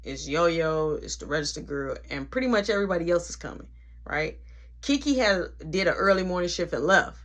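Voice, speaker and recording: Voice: mid-range voice, brisk. A woman telling a personal story in casual slang, acting out every line of dialogue. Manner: animated, acts out dialogue, heavy slang. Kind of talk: storytime narration.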